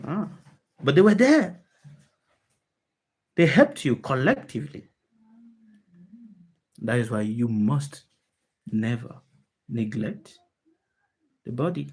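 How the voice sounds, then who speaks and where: A woman's voice: very deep voice, animated, slow, pauses often, a little mellow, breathy edge. A woman giving a spiritual talk to an online group over a video call, emphatic, often asking her listeners questions and repeating key phrases. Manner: emphatic, asks the listeners many rhetorical questions. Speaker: spiritual teacher.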